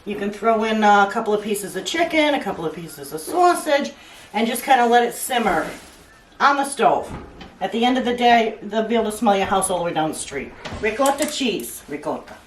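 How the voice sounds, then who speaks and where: A woman's voice: medium pitch, sing-song, brisk, slight background noise. Chatty woman cooking in an echoey kitchen. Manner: chatty, joking, homey. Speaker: home cooking host. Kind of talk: casual cooking demonstration. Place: home kitchen. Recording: echoey kitchen, mic at a distance, cooking clatter.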